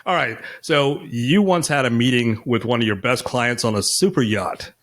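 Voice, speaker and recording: A man's voice: mid-range voice, normal speed, fairly bright tone. Dry, playful male podcast host. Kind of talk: casual podcast interview.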